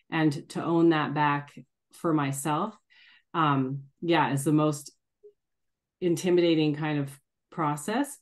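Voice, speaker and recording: Low-voiced woman hosting a discussion. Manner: reflective, laughs easily. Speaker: group discussion host. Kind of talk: casual group conversation.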